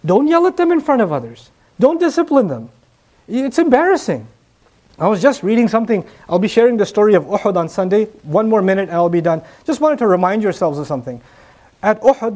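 A man's voice: high-pitched, darkish tone. A man preaching a sermon, earnest, repeating key phrases and asking the listeners rhetorical questions.

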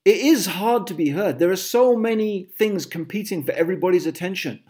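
Dramatic male preacher, higher voice. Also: expressive, fairly quick, a little mellow. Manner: dramatic, lists exaggerated phrases. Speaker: Muslim preacher. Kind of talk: sermon. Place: England.

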